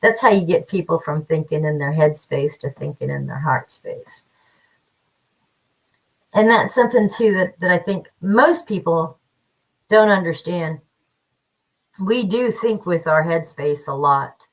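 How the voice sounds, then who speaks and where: A woman's voice: on the low side, slow pace, long pauses, low-quality recording. A woman hosting a casual livestream, chatting with viewers in a feisty, blunt way. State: slight cough from paint fumes. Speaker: psychic livestream host.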